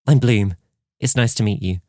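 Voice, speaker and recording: A man's voice: on the low side, moderate pace, a little mellow, no echo, clean studio sound, natural voice. A man voicing a curious, slightly shy young woman newcomer in an audiobook. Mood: earnest.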